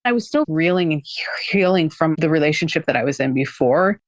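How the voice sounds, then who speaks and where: A woman with a low voice speaks briskly in a dry recording with no room sound. As a guest, she candidly recounts a personal experience, often saying "like" and acting out what people said.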